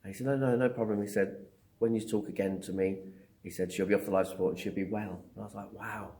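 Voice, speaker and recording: Man, middle-aged, lowish voice, animated storyteller, hesitant fillers, interview guest. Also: fast. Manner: animated storyteller, acts out dialogue with hesitant ums. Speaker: interview guest, psychic medium.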